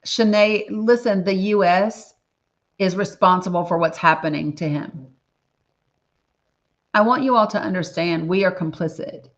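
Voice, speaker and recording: Her pitch is fairly low here, and she talks a bit slowly with frequent pauses. Still hosting her casual livestream, she reads chat names aloud in an earnest, emotional way, captured on slightly muffled lo-fi audio.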